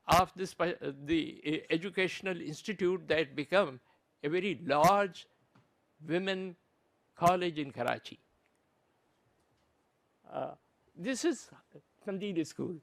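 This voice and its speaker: Guy giving a conference talk, high lively voice, halting, keeps restarting his sentences. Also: gravelly. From Pakistan. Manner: earnest, halting, restarts phrases often. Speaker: conference presenter.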